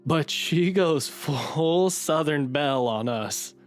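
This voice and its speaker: A woman from the Midwest co-hosting a casual history podcast, reacting with quick jokey asides and questions. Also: deep voice, expressive, soft background music. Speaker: podcast co-host.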